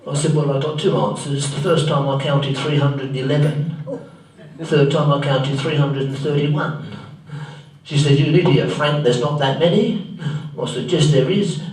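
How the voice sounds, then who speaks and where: A man's voice: on the high side, fairly even intonation, moderate pace, darkish tone, close to an everyday voice. Man doing a bumbling, naive Frank Spencer. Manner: naive, earnest, rambling storytelling full of mishaps. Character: bumbling, well-meaning, accident-prone grown man. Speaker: stand-up tribute performer. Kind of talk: live comic monologue in character. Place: theatre stage. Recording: very echoey live room, mic far off.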